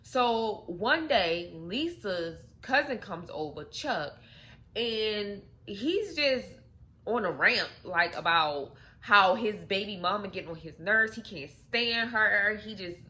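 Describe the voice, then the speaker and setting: A young woman with a bright, sharp-edged voice spins a story-time tale in a loose, chatty way. She keeps dropping in "like" and talks straight to her viewers as if gossiping with friends. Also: fairly low pitch. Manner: chatty, loose, lots of "like" fillers, addresses viewers as y'all. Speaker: storytelling channel host. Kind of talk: casual story-time retelling.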